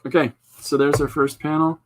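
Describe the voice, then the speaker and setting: A man hosting a podcast, chatting casually while he draws, rambling and breaking off into quick asides. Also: on the high side, little pitch movement, noisy background. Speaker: podcast host. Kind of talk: casual chat while drawing.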